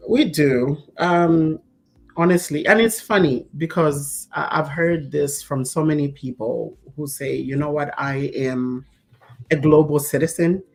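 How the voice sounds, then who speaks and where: A woman chats as a talk show co-host, her voice sitting very low for a woman. She tells stories in an easygoing way and breaks into laughter often. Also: a little slow. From Zambia. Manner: laughing often, relaxed storytelling. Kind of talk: casual chat.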